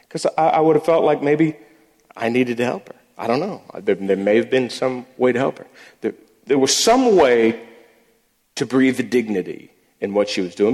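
A man's voice: mid-range voice, lively intonation, moderate pace, a little mellow. A man giving a sermon-style talk, telling stories about faith at work, often restarting and repeating words. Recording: long echoey hall reverb.

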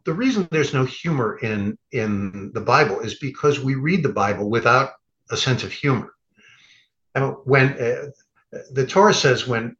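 A man's voice: mid-range voice, fairly bright tone, highs cut off. A man who is a rabbi, a guest on a podcast, telling stories in a wry, conversational way and acting out quoted lines. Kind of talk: conversational storytelling.

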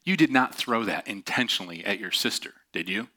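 A man voicing a stern, worried father who questions his son, speaking in an insistent, deliberate way. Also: on the low side, lively intonation, sharp tone, voice pushed down.

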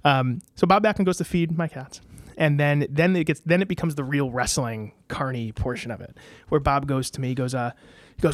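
Animated storytelling man, dry close mic. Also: mid-range voice, brisk, no echo. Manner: animated, acts out quoted voices. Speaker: guest telling wrestling stories. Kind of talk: casual podcast storytelling.

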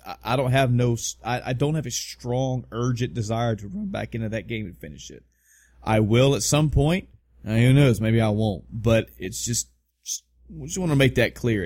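A man's voice: medium pitch, darkish tone, no room sound, studio quality. A man co-hosting a casual podcast, rambling and swearing with self-mocking humor. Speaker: podcast co-host. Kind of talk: casual chat.

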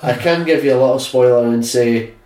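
A man's voice: mid-range voice, a little fast, a little mellow. A man hosting a podcast who rambles through casual chat, laughs often and swears without a second thought. He sits back from the mic in an echoey room, so his voice sounds roomy and a little distant. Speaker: podcast host.

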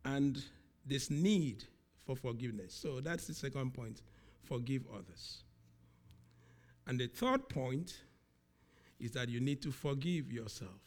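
A man preaching a sermon, speaking slowly and with emphasis, often repeating key words. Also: mid-range voice, animated.

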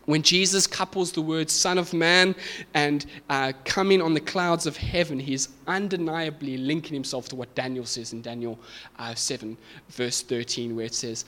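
A man's voice: fairly high pitch, steady tone, moderate pace, bright, forceful tone. A man preaching a sermon to a congregation, explaining scripture with emphatic, rising intensity. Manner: emphatic, builds to raised fervent peaks. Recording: reverberant hall.

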